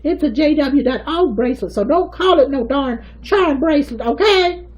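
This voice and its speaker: A man's voice: extremely high pitch, animated, normal speed, pitched above the performer's own voice, rough recording. A man voicing a sassy, bossy churchgoing sister who calls everyone honey, in a comedic character monologue. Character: sassy gossiping churchgoing sister, middle-aged woman.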